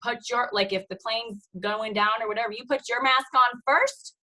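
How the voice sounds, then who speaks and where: A woman's voice: on the high side, moderate pace, bright, forceful tone, poor audio. A woman, likely in her thirties, giving an emphatic, preachy motivational talk to her team on a video call, full of "you guys" and "okay?". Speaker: team leader speaking on a team call.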